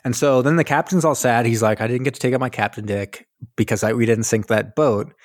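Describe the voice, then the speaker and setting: Animated, swearing man recapping a film. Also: mid-range voice, brisk, no room sound, clean studio sound. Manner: animated storytelling, acts out lines, swears and laughs. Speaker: podcast co-host. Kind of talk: casual chat recapping a film.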